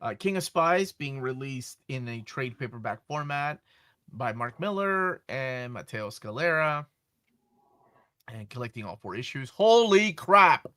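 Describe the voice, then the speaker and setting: Excitable guy hosting a comic book chat, bright ringing voice, gets loud when he's thrilled. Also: medium pitch, a little slow. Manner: enthusiastic, exclaims. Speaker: show host. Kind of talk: casual chat about comic previews.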